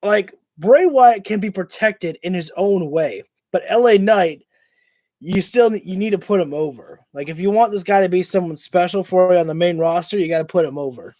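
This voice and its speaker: A man hosting a livestream, giving casual, chatty play-by-play commentary on a wrestling show and getting excited and swearing now and then. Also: high-pitched, normal speed, no echo. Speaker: livestream host.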